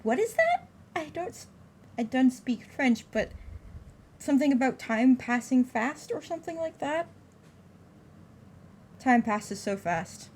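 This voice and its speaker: A woman's voice: sits high, measured pace, pauses often, a little hiss or hum. Wisecracking woman streaming a horror game. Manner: expressive, wisecracking, reads aloud. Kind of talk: casual live gameplay commentary.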